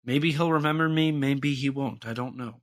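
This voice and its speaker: A man's voice: medium pitch, fairly even intonation, moderate pace. A young man co-hosting a podcast, talking in a casual, rambling way with many restarts and fillers. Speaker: podcast co-host.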